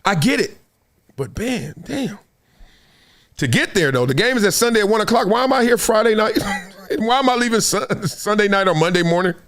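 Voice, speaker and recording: Middle-aged male host, high and lively voice, storytelling commentary that jumps from loud bursts to low asides. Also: a little fast. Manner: storytelling, swings between big high bursts and low asides, laughs often. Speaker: show host. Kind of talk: animated solo commentary.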